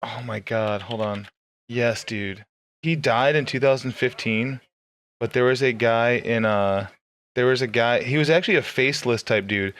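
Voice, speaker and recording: A young man co-hosting a podcast rambles through crude, casual banter full of swearing and laughter. His voice is mid-range, at normal speed, with a fairly bright tone.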